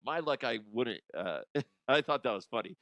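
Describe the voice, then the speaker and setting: A man hosts a comedy podcast in a loose, rambling way, mocking himself as he goes. His voice has a gravelly edge and moves around a lot in pitch, and the recording is close and dry. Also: expressive, normal speed, a bit bright, dry recording. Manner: rambling, giggly, self-deprecating. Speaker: podcast host. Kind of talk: casual comedic monologue.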